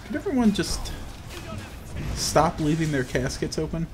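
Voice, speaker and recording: A young man giving casual, profane, joking commentary while playing a video game, quick to get frustrated. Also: on the high side, sing-song, over music. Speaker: gaming video host. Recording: audible background noise.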